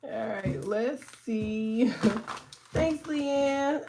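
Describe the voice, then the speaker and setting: A woman's voice: fairly high pitch, very slow, background noise. A woman in her thirties with allergies, chatting casually and animatedly as a livestream host, joking, swearing and laughing often.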